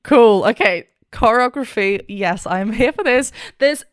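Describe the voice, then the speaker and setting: A woman's voice: on the high side, lively intonation, measured pace, dry recording, faint music behind. A woman vocal coach reacting to a performance and analyzing it, enthusiastic and technical, now and then singing short vocal demonstrations.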